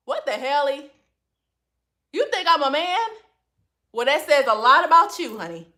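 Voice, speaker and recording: A woman's voice: high-pitched, animated, unhurried, long pauses, bright, forceful tone. A woman hosting a casual livestream from her phone, reading comments and answering in a sassy manner, calling everyone honey. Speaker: livestream host.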